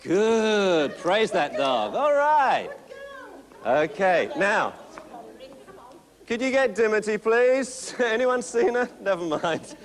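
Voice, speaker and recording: A man's voice: sits high, very animated, slow. A man teaching a puppy training class, upbeat and coaxing, cheering the owners on. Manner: upbeat, coaxing, full of encouragement.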